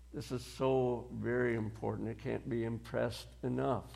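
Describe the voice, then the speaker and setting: A male preacher delivers a sermon slowly and deliberately at a middle pitch, his voice gravelly and creaky. He lets each phrase land with weight, pausing and adding short dry laughs.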